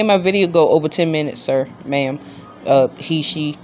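A woman's voice: normal speed, a little mellow, soft background music. Rambling woman vlogging from bed at night. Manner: talks to her pet in a high baby voice; rambling, self-interrupting chatter. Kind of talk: casual late-night vlog.

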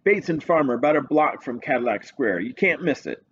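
A man's voice: medium pitch, expressive, fairly quick, a bit bright, slightly rough, highs cut off, voice pushed up. A man reading, voicing a chubby, indifferent male police sergeant who talks in a folksy, ungrammatical way. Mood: offhand.

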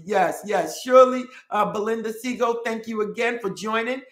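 A woman's voice: fairly high pitch, a little slow. A woman hosting a casual live stream, reading viewer comments aloud and repeating greetings in a chatty way. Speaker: livestream host. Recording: roomy echoey room.

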